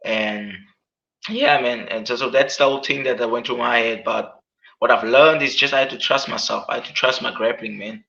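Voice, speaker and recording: A man's voice: medium pitch, steady tone, moderate pace, creaky, sharp tone. A man being interviewed as an MMA fighter, talking earnestly and casually, repeating his words and often adding "man". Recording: dull, lo-fi sound.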